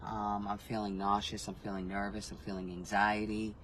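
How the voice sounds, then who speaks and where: A man's voice: on the low side, little pitch movement, normal speed, few pauses, noisy background. A man giving a casual spiritual reading. He talks frankly and rambles, often restarting his sentences, and he swears freely. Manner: frank, emotionally reactive. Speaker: intuitive reader.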